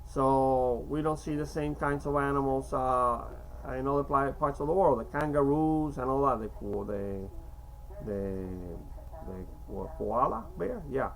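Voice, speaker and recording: A man in his fifties from Cuba with a slight Cuban Spanish accent, talking in a rambling, halting way with many fillers and restarts. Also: medium pitch, creaky, a little hiss or hum, rough recording. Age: 50s. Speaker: vlogger. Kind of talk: rambling casual monologue.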